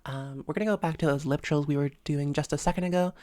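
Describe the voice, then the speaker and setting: A woman with a low, mellow voice leads a voice lesson, talking it through loosely with plenty of fillers. She sits close to the microphone in a dry room. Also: quick pace, dry recording. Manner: relaxed, hesitant with many fillers. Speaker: voice coach. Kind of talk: instructional voice lesson.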